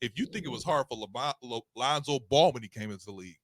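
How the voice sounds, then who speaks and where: A man co-hosting a casual podcast debate, loud and repetitive, often breaking into shouts, his voice hoarse from yelling. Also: medium pitch, expressive, fast, slight background noise. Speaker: podcast co-host.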